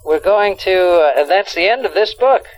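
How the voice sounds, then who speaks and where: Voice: mid-range voice, lively intonation, normal speed, faint music behind, low-quality recording. A language teacher leading a lesson, explaining words and prompting the learner along.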